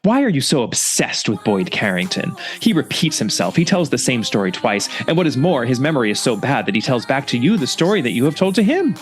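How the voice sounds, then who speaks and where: A fussy old Belgian detective, as a man puts him on, scornful and clipped, his pitch swinging up and down in lively turns as he brushes people off. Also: a little fast, hardly any pauses, soft background music, lightly acted.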